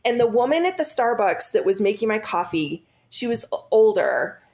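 A woman's voice: a little high, sing-song, normal speed, a little mellow. A woman in her thirties telling a personal story in casual chat, rambling with many fillers and restarts.

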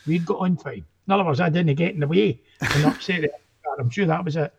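A man's voice: fairly high pitch, racing, vocal fry, noisy background. An older man with a Scottish accent, a guest musician telling anecdotes in a rambling, self-interrupting way, on a dull lo-fi recording.

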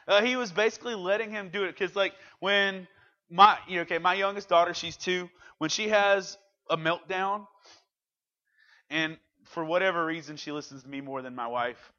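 A man's voice: high voice, normal speed, bright, forceful tone, lo-fi sound. A man in his thirties preaching a casual youth sermon, speaking conversationally and animatedly and acting out the quotes. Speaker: youth pastor.

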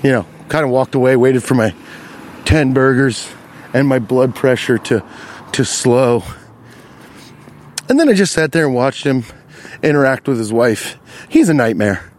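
A man's voice: medium pitch, a little slow, pauses often, a little hiss or hum. A man hosting a podcast, fired up and telling a comedic story with lots of swearing while acting out the people in it. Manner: animated, profane, acts out the people in his story. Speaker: podcast host.

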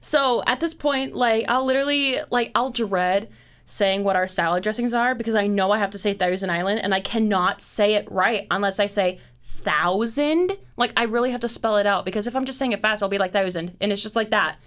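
A woman's voice: medium pitch, a little fast, fairly bright tone, clean tone. A young woman in her twenties hosting a podcast, chatting casually, full of fillers and swearing. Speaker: podcast host. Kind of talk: casual chat.

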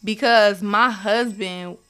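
Young woman guest, bright voice, lively storyteller who acts out every quote, as a mother recounting a hard time. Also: mid-range voice, takes it slowly, clean tone. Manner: animated, acts out quoted dialogue, laughs often. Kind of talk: emotional personal storytelling.

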